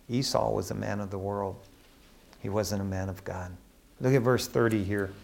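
A man preaching a sermon in an animated, emphatic way, swinging between loud bursts and hushed asides. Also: on the high side.

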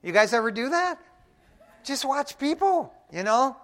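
A male preacher giving a casual, folksy sermon, often dropping in "man" and swinging from quiet to loud. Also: very high-pitched, very animated, measured pace. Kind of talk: conversational sermon.

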